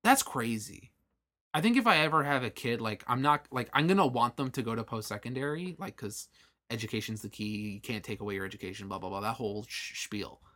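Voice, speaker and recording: A man in his late twenties co-hosting a podcast, talking casually and animatedly, with frequent swearing. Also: mid-range voice. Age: late 20s. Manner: animated, swearing, quick asides. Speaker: podcast co-host. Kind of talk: casual chat.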